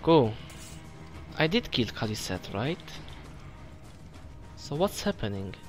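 Faint music sits behind this let's play host, a man narrating his gameplay by taunting foes and muttering to himself. He speaks at medium pitch, very animated yet slow.

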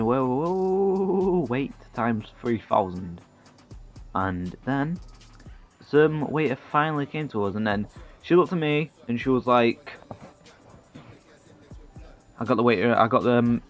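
A man, telling a rambling comic story full of swearing and self-mockery. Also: lowish voice.

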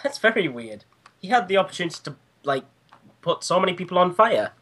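A playful man in game chat speaks a little higher than most men and swings his pitch widely, often breaking into silly voices. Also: big pitch swings, a little fast, fairly bright tone. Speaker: guest player. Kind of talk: casual gaming chat.

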